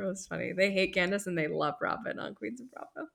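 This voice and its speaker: A woman co-hosting a casual chat podcast, her voice bright and edged with a gravelly fry. She talks bluntly, swears freely and breaks into laughter often. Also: medium pitch, quick pace. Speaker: podcast co-host.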